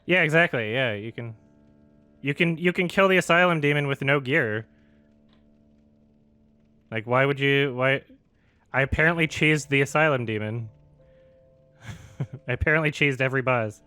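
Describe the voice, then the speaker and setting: A man's voice: mid-range voice, moderate pace, long pauses, pushed and bright, clear, resonant tone, dry recording. A man streaming a video game, ranting in an exasperated, sweary way and laughing as he talks. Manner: exasperated, sweary, laughing through his rant. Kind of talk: ranting live-stream commentary while gaming.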